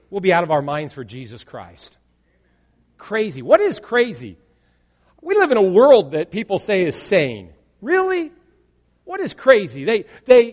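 A male pastor preaching a sermon in an animated way, acting out imagined dialogue and jokes. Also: high-pitched, big-room sound.

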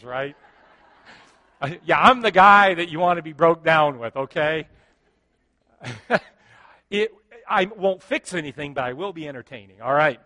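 A middle-aged male pastor telling a story in a sermon, animated and joking, acting out what people said. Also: sits high. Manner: animated, joking, acts out quotes.

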